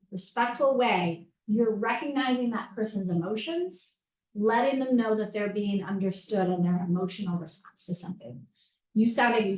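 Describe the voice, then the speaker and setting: A woman's voice: fairly high pitch, distant mic. A middle-aged woman, a crisis negotiator, giving a practical and direct training talk to an audience. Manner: practical and direct, addresses audience as "you guys". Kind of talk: instructive presentation talk. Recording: roomy echo, voice from off-mic.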